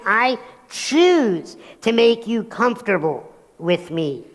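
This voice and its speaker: A man's voice: high voice, slow pace. Guy giving a keynote on stage, does little voices in his stories, big hall with a long echo. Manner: animated storytelling, acts out voices. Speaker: motivational speaker.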